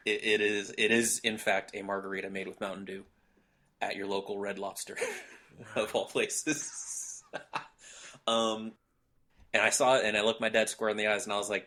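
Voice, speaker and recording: A man's voice: lowish voice, level tone, moderate pace, bright, forceful tone. Laid-back young man hosting a chat. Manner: laid-back, laughs often, joking. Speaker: podcast host. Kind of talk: casual chat.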